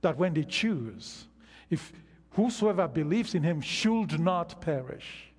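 An older man preaching a sermon, slow and emphatic, with long pauses between phrases. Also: on the high side, expressive, breathy edge. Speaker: pastor. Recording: long reverb of a large hall.

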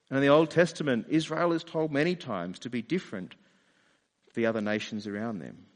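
A man's voice: medium pitch, fairly even intonation, fairly quick. Aussie guy preaching, chatty, lots of "isn't it?", mid voice, long hall echo. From Australia. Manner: conversational, asks rhetorical questions. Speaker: pastor. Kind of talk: sermon.

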